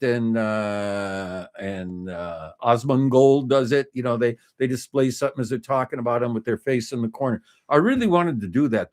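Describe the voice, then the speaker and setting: A man in his fifties hosting a casual home livestream, rambling through restarts and fillers as he talks to his viewers. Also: medium pitch. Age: 50s. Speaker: livestream host. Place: home desk, indoors.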